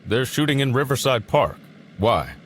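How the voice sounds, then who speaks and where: A man's voice: mid-range voice, big pitch swings, moderate pace, a bit bright, a little hiss or hum. An actor playing a casual, dismissive male agent who shrugs things off. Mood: breezy. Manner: offhand, shrugging. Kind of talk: audio drama acting.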